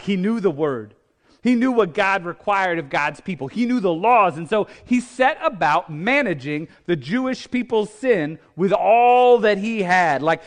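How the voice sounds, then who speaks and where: High-voiced man preaching a sermon. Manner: conversational preaching, asks the congregation questions; reads scripture aloud, acting out the speakers' lines. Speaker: pastor.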